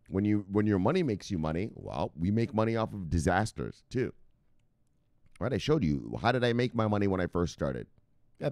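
Man, livestream host, profane casual chat, lively swinging pitch, fairly low voice. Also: dry recording, studio quality. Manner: profane, loud bursts, repeated catchphrases.

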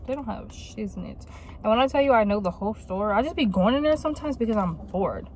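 This vlogger talks from behind the wheel, her medium-pitched, darkish voice animated and brisk as she rants and chats in slang. It's casual vlog conversation with slight background noise.

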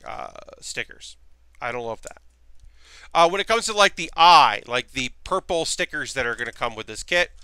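A man streaming live in casual chat, rambling and thinking aloud with frequent restarts, dropping to a quiet mutter while he works with his hands. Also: medium pitch, clean tone, no echo. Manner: drops to a quiet mutter while focused on handiwork.

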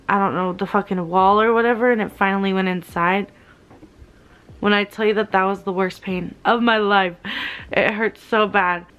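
A woman's voice: mid-range voice, fairly bright tone. Young woman, pained and weary, casual vlog talk, candid, curses, lots of "like". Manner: candid, swearing, heavy use of "like". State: in pain, weary. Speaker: vlogger.

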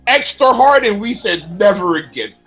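Young dude gaming w friends, high husky voice, laughy, cussing while he explains rules. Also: expressive, a bit bright, faint music behind, poor audio. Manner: laughs often, swears, explains fast. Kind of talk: casual gaming chat.

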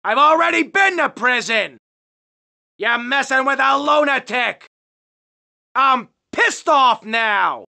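A volatile middle-aged gangster with a gravelly, rough-edged voice, spitting out short taunts and threats. The tone sits high and bright for a man, and he takes his time with each line. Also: expressive, takes it slowly, pauses often, full character voice. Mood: menacing taunts. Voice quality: gravelly, menacing. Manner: taunting and hostile, short barked lines. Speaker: video game character. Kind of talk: game voice lines.

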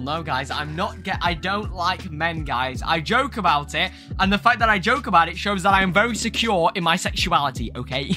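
A man's voice: fairly high pitch, expressive, normal speed, sharp tone, soft background music. A young British man hosting a casual gaming livestream, giggling often, reading chat aloud and saying "guys" constantly. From England. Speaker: livestream host.

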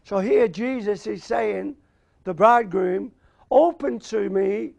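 A man with an Australian accent preaching a sermon, slow and emphatic, repeating key words and asking for an amen. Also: sits high, vocal fry, darkish tone, no echo.

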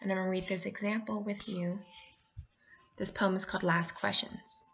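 A woman teacher giving a remote lesson, explaining clearly and slowing down to spell out each point. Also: medium pitch, little pitch movement, sharp tone, dull audio. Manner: clear and instructive, reads poems aloud, slows down to explain.

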